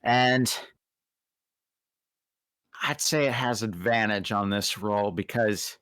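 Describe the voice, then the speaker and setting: A man acting as game master, reading scene descriptions aloud in an unhurried way with frequent fillers. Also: lowish voice, fairly bright tone, smooth, no echo. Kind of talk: running a tabletop game.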